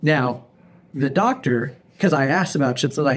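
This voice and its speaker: A man's voice: medium pitch, normal speed. A man, a podcast host telling a long story in casual chat and acting out the lines he quotes. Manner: animated storyteller, acts out his own quoted lines. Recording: faint background noise.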